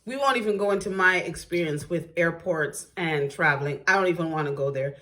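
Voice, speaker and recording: A man co-hosting a casual conversation, with a teasing, wry way of talking. His voice is very high for a man and bright, almost sharp. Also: fairly quick. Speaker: co-host. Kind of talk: casual chat.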